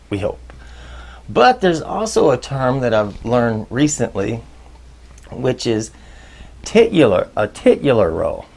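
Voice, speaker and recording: Gravelly guy rambling casual advice about managing, voice jumps all over, jokey, mutters asides. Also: medium pitch. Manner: chatty, jokey, swings between loud bursts and muttered asides. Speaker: leadership video host.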